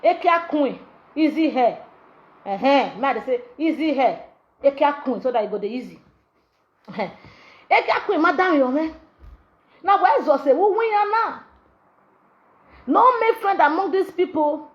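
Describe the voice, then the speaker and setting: A woman's voice: high-pitched, big pitch swings, normal speed, pauses often, lo-fi sound. A woman with a Nigerian Pidgin accent hosting a gossip show, talking in a brash, mocking way and switching languages. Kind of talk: animated gossip commentary.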